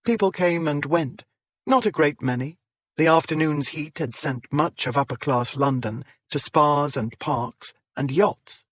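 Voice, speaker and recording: A man with a fairly high voice narrates a historical romance in a measured, storytelling way. The recording is close and dry, with no room sound. He lifts his voice higher whenever he speaks for a character. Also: dry recording. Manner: measured storytelling, voicing characters with raised pitch. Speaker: audiobook narrator. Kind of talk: scripted narration.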